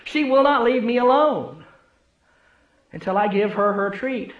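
A man preaching a sermon as pastor, telling stories and swinging between loud and hushed delivery. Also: high voice, expressive, a little slow, dull audio. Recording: echoey room.

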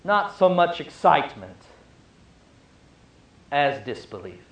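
Man preaching a sermon, kinda high voice, slow and emphatic, echoey church. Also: expressive, fairly bright tone, muffled recording. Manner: storytelling, emphatic, joking asides. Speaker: pastor.

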